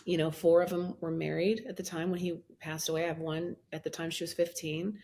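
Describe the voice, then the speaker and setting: A woman in her fifties telling her story as a podcast guest, animated, acting out her own past words with a lifted voice and laughing often as she talks. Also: on the low side, a little fast. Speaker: guest, minister and life coach. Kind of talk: personal storytelling in a podcast interview.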